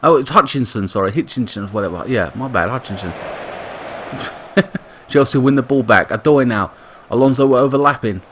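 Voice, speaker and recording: A man giving casual play-by-play commentary on a football video game, with excited bursts on attacks and chatty self-corrections. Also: medium pitch, brisk, slight background noise. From Britain. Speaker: gaming YouTuber commentating a football sim.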